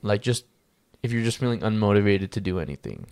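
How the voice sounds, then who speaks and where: A man's voice: fairly low pitch, expressive, fairly quick, gravelly, darkish tone, smooth. A man hosting a casual chat, rambling with many fillers and restarts.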